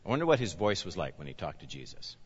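A man pastor preaching a sermon, with animated emphasis that rises and falls as he explains scripture. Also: sits low, fast talker, breathy edge. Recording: reverberant hall, dull lo-fi sound.

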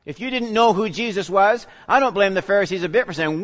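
A male pastor teaching a sermon in a conversational way, putting questions to the congregation and swinging between loud emphasis and quiet asides. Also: high-pitched, expressive, a little fast, few pauses. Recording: reverberant hall, dull lo-fi sound.

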